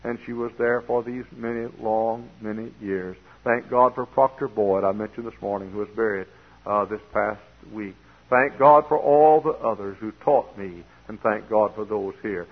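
A man preaching a folksy sermon that rises to loud, emphatic delivery. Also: on the low side, steady tone, moderate pace, husky. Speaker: pastor. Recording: tinny lo-fi old recording.

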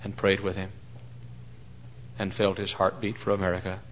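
A middle-aged man preaching a sermon, telling folksy stories and swinging between loud mock-pompous lines and hushed asides. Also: low-pitched, monotone, moderate pace, slight background noise, poor audio.

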